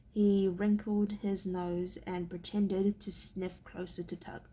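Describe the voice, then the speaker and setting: Slow, stumbling husky woman reading. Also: on the low side, little pitch movement, dark tone. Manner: halting, stumbling and repeating words. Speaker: reader. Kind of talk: reading a novel aloud.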